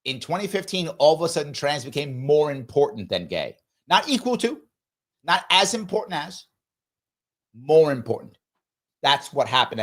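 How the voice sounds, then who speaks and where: A man hosting a live talk show, giving opinion commentary in an emphatic, preachy way with big jumps in pitch. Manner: animated, sweeping pitch jumps.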